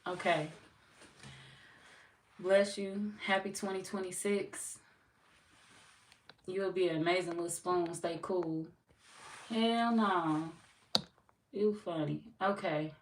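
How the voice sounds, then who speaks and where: A young woman hosting a tarot livestream, reading viewer comments aloud and chatting in a relaxed, teasing way with lots of slang and laughter. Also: lowish voice, takes it slowly, long pauses, recorded from a distance. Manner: laid-back, teasing, laughs often, slangy. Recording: roomy echo, off-mic, faint noise.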